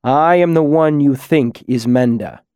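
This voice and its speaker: A man voicing a god who has taken a young man's form in a storybook reading, slow, solemn and commanding, with a powerful deep voice. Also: dark tone, smooth, no room sound, studio quality, close to an everyday voice. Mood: calm. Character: divine male lord in a young man's body, commanding.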